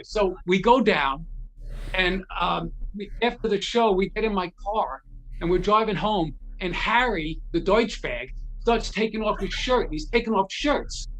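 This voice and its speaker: Animated man acting out his stories. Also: high voice, a little slow, low-quality recording. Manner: animated, acts out quoted dialogue; restarts and repeats words often. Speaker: guest storyteller. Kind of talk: casual anecdote telling.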